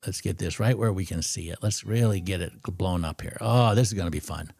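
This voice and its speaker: A man hosting a live trading stream, talking in an animated, ranting and excitable way. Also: low-pitched, a little fast, gravelly, husky.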